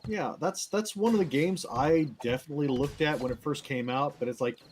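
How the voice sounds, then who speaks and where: A man playing a co-op game with the host, chatting casually and tossing in dry, quick one-liners. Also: fairly high pitch, a little hiss or hum. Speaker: co-player and regular guest. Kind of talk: casual co-op gameplay chat.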